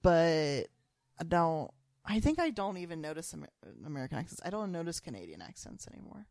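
Brief: young woman podcast co-host, lively swooping pitch, giggly, dry close sound. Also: brisk, gravelly, no echo. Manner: animated, giggly, lots of "like" fillers. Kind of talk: casual chat.

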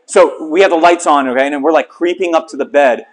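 A middle-aged man preaching a sermon, telling a story with lively, self-mocking humor to a small congregation. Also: fairly high pitch, fairly quick. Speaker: pastor.

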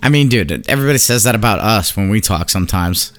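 A man's voice: fairly low pitch, animated, fast, a bit bright. A laid-back man chatting casually with a friend. He laughs easily and often leaves his sentences unfinished. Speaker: podcast co-host. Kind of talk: casual chat.

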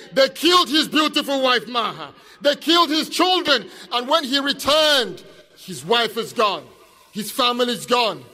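A man giving an impassioned speech at an outdoor street protest, shouting call-and-response questions to a crowd. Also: high-pitched. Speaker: speaker at a protest rally.

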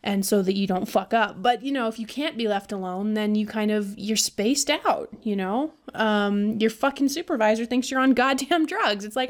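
A woman's voice: fairly high pitch, normal speed, few pauses. A woman hosting a podcast, talking casually and venting with a lot of swearing and laughter. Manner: profane, venting, animated with laughs. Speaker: podcast host. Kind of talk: casual monologue.

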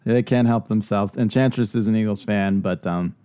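A man with a low, mellow voice chats loosely on a podcast, joking and laughing as he rambles. The recording is dry and a bit dull. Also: moderate pace, clean tone, no echo. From Philadelphia area. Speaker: podcast co-host. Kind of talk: casual chat.

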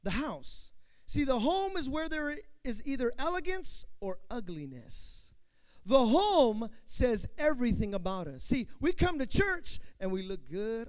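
High-voiced man preaching with swings. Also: big pitch swings, measured pace, clear, resonant tone. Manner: dynamic preaching, swinging from quiet to shouting; acts out quoted voices with call and response. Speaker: pastor. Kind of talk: sermon.

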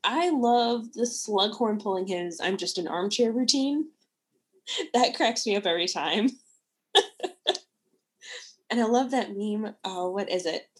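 A woman co-hosting a casual book-talk show, enthusiastic and quick to laugh as she gives her opinions. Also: medium pitch, lively intonation, breathy edge. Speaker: podcast co-host.

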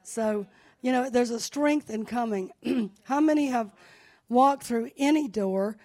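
A woman's voice: on the high side, unhurried, dark tone. A woman leading a church service, talking in a chatty, anecdotal way about her family's news and rising into fervent prayer in a sanctuary. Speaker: church leader. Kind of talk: conversational sermon with testimony.

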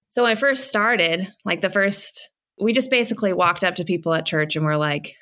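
Bright, animated woman telling stories. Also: lowish voice, moderate pace, hardly any pauses. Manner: animated storyteller, acts out her own past words. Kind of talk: casual chat.

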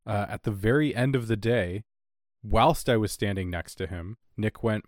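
A man's voice: on the low side, normal speed, no echo, clean studio sound. A man co-hosting a casual podcast chat, joking and telling stories. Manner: joking, storytelling. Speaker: podcast co-host.

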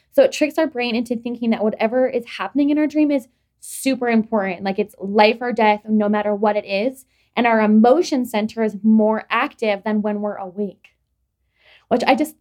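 A woman's voice: a little high, darkish tone. A young adult woman hosting a podcast, telling stories in a rambling, casual way full of "like" and restarts. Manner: rambling, filler-heavy storytelling with frequent "like". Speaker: podcast host. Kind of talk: casual chat.

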